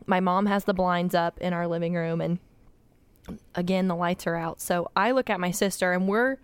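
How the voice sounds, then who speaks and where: A young woman, telling animated stories in casual chat and laughing as she goes. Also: fairly low pitch, normal speed, clean tone, dry recording.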